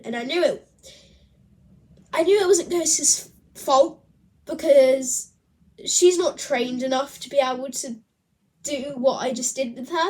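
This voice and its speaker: A woman chatting to camera in a casual, rambling vlog, often laughing as she talks. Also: sits high. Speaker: vlogger.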